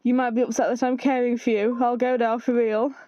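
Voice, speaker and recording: A woman's voice: a little high, little pitch movement, brisk, mellow, dry recording, muffled recording, lightly acted. A woman reading aloud the chat lines of an anxious, self-blaming young man who pleads not to be left. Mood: pleading. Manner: pleading, apologetic.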